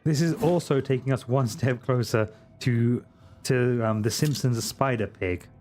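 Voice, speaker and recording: A man's voice: mid-range voice, a little slow, darkish tone, faint music behind. A man streaming a game live, chatting casually and ranting crudely in comic asides. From Britain.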